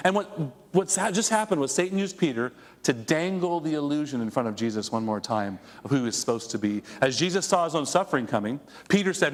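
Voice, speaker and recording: A man's voice: medium pitch, animated, a little fast, long reverb tail. A man preaching a conversational sermon as a pastor, asking his congregation rhetorical questions. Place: church sanctuary.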